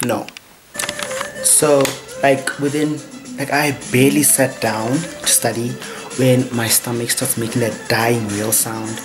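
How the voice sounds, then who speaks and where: A man's voice: medium pitch, steady tone, slow, over music. A young man chatting playfully in a casual home vlog, with lots of asides and fillers. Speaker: vlogger. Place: room at home.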